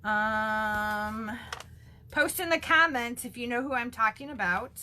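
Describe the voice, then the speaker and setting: Chatty woman, bright voice, slow unhurried talk, faint room noise, craft demo. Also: a little high. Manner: bubbly, gushing, chatty with frequent ums. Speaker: stamping demonstrator.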